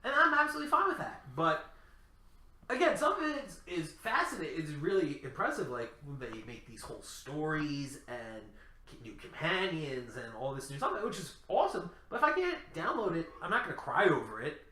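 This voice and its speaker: A man co-hosting a casual gaming chat, excitable and jokey, laughing often. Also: fairly high pitch, brisk. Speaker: podcast co-host. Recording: echoey room.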